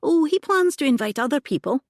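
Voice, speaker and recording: A woman voicing an eager young woman who teases her brother, in a bright, high, lively voice. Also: brisk, no room sound, studio quality. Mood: teasing. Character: eager young woman, Drew's teasing sister.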